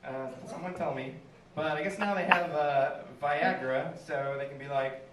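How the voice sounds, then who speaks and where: High-voiced comic in an echoey room. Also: male voice, normal speed, a bit bright, a little hiss or hum. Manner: storytelling with acted-out quotes, laughing at his own jokes. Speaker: stand-up comedian. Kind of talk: stand-up comedy set. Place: small live venue. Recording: echoey room, mic heard from a distance.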